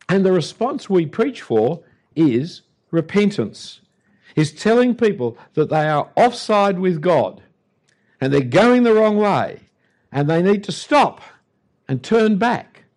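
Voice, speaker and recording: An older Australian man delivers a sermon with emphatic, punchy lists and dry humour. His fairly high voice moves through a wide, lively pitch range. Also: slow. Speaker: Anglican preacher.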